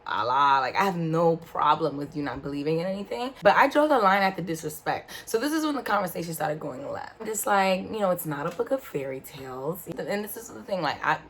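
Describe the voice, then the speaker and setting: A woman telling a story in a casual, animated way, with slangy asides and sudden exclamations. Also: on the low side, brisk, hardly any pauses, a little hiss or hum. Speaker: vlogger. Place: indoor room in front of a backdrop.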